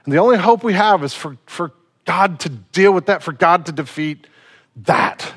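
A man preaching a sermon, retelling a story in casual slang and swinging from loud to hushed. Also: high-pitched, lively intonation, normal speed, slightly rough.

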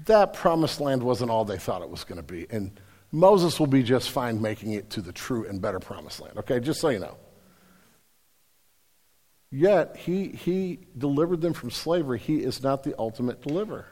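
A man preaching a sermon, talking in a casual, storytelling way and rising to forceful emphasis. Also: mid-range voice. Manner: conversational preaching with anecdotes, builds to forceful emphasis. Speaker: pastor. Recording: long reverb of a large hall.

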